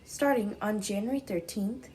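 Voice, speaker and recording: A woman's voice: mid-range voice, moderate pace, a little mellow, slight background noise. A girl anchoring a school news show, reading a formal news item. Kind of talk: read news segment.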